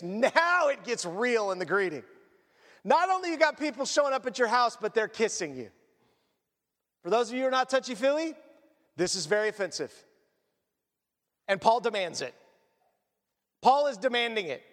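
A man preaching a sermon as pastor, animated and dropping joking asides. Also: very high voice, normal speed, pauses often. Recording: long reverb of a large room.

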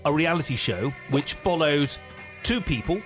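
A man's voice: a little high, lively intonation, normal speed, fairly bright tone, faint music behind. Dry-witted man. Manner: dry, wry quips. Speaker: podcast host. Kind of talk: casual chat.

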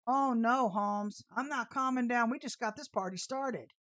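A woman's voice: a little high, moderate pace, fairly bright tone, no echo. A woman preaching an informal sermon full of storytelling, talking in a brash, sassy and emphatic way.

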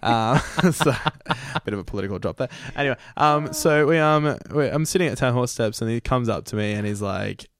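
A man's voice: medium pitch, brisk, a little hiss or hum. A man from Argentina, in his thirties, telling a rambling, self-deprecating story in casual chat as a guest, laughing often. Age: 30s.

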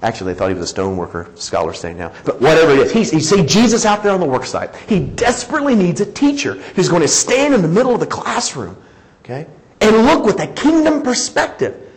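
Male pastor, animated sermon delivery, slightly high voice with lively swings in pitch, slips into voices for quoted lines. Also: a little fast, poor audio. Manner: animated, acts out quoted dialogue, chuckles often.

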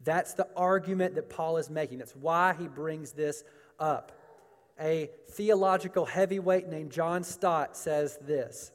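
A man's voice: on the high side, unhurried. A man preaching a sermon, emphatic, with rhetorical questions and repeated phrases, in a large church hall. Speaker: pastor. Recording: long hall reverb.

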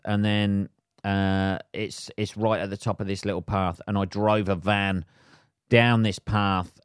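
Brief: low-voiced male podcast host, sweary comic rant, dry close sound. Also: no echo. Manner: sweary, laughs at his own jokes, acts out voices. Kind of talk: solo comedic podcast rant.

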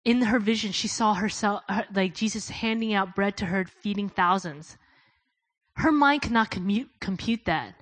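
A woman preaching a sermon, telling stories in a casual way, dropping soft and low for quoted prayers and rising loud when she urges her listeners. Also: normal speed, dry recording, rough recording. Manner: addresses listeners as "guys".

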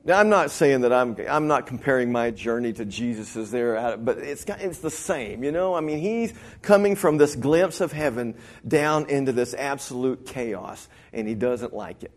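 A middle-aged pastor preaches with a folksy, storytelling manner, often slipping into other people's voices. His colors a mid-pitched voice that rises and falls as he tells his stories. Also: lively intonation, normal speed, few pauses. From Texas Panhandle. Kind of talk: sermon.

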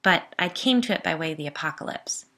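A bright-toned, bold woman in her early thirties, as a female storyteller puts her on. She sounds cheerful and peppy, yet blunt and commanding, with no patience for rudeness. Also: sits low, expressive, quick pace.

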